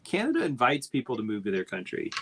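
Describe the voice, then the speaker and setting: A man's voice: medium pitch, huge pitch swings, fast talker, crowd noise. A man co-hosting a casual talk show, dry and teasing as he tells stories. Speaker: podcast co-host. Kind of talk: casual chat.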